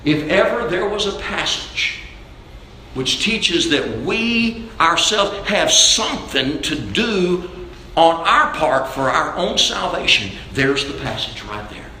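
A man's voice: fairly high pitch, big pitch swings, slow pace, sharp tone, slight background noise. A man preaching a sermon with emphasis, repeating key phrases to drive them home. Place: church sanctuary. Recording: very echoey church hall.

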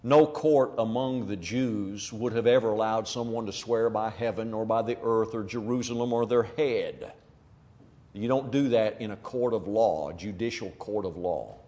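A man's voice: fairly low pitch, moderate pace, mellow. A man preaching a sermon, speaking emphatically and acting out quoted people as he makes his point. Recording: long hall reverb.

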